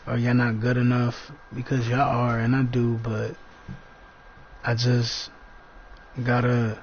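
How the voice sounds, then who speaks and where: A man's voice: mid-range voice, monotone, takes it slowly. Laid-back slangy man, lo-fi recording. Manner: laid-back, slangy, talks in loose fragments. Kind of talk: casual rambling monologue. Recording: dull lo-fi sound with faint background noise.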